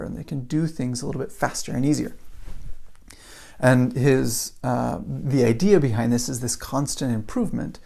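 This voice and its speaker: A man's voice: mid-range voice, vocal fry, warm tone. A man giving a casual motivational talk, telling a story and building it up with repeated phrases. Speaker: motivational speaker.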